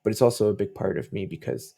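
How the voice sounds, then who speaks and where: Gravelly-voiced dad telling stories. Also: male voice, on the low side, fast talker, warm tone. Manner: rambling storytelling with many fillers and restarts. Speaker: podcast guest. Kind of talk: casual interview chat.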